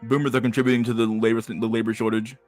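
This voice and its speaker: A man hosting a podcast, reading a news article aloud and cutting in with crude, slangy remarks. His voice sits at an ordinary pitch for a man. Faint music plays behind him. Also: flat delivery, fast, darkish tone. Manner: profane, slangy asides. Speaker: podcast host.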